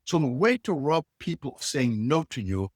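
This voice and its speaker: A husky-voiced middle-aged man who tells stories with big swings in pitch, jumping between characters as he acts out each line. His voice is recorded close and dry, with no room sound around it. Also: normal speed, dry recording. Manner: acts out dialogue with lively inflection. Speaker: guest, leadership coach. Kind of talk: animated storytelling.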